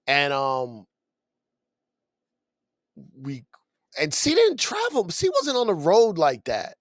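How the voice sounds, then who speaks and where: A man tells a story on a podcast and acts out the lines of the people in it. His voice sits a little high, and he laughs as he goes. The studio mic is close and dry. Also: takes it slowly, no room sound. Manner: animated storyteller who acts out quotes, laughs often. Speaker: podcast co-host. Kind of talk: casual storytelling chat.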